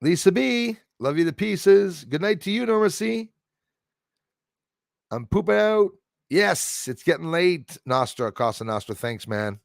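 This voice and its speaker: A man with a gravelly, creaky voice rambles through a casual livestream, answering viewer comments and joking as he goes. His voice is dry and close, with no room sound around it. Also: high-pitched, big pitch swings, unhurried, dry recording. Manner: rambling, jokey, chuckles often.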